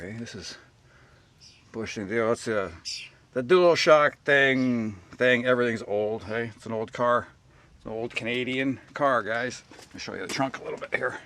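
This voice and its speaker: A man's voice: mid-range voice, fairly bright tone. A man giving a rambling, folksy, self-deprecating how-to talk while working on a jacked-up car outdoors. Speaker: DIY car repair vlogger.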